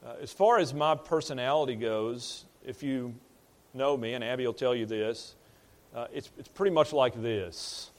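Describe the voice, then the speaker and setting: A man with a mid-range voice, speaking at normal speed, delivers a conversational sermon as a pastor. He's plain-spoken and often repeats or restarts words as he builds toward a point.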